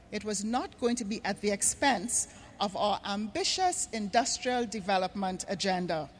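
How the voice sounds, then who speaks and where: A woman from Trinidad and Tobago gives an earnest stage address to a huge arena crowd, slowing down to stress key words. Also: fairly high pitch, slight background noise. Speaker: conference speaker. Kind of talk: stage address on faith and creation care. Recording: long reverb of a large arena.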